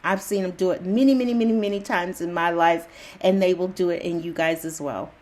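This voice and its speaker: A woman's voice: fairly low pitch, brisk, a little mellow. A woman hosting her own video channel, giving viewers a casual, reassuring spiritual pep talk in loose, slangy phrasing, chuckling often.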